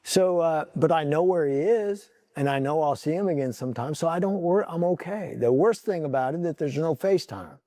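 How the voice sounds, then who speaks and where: A middle-aged man talks as a podcast guest, earnest and heartfelt. He often breaks off and repeats words as he searches for the next thought. His voice is mellow and warm at a middle pitch, recorded close and dry. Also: expressive, no room sound. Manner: halting, full of restarts and repeated words. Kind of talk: casual chat.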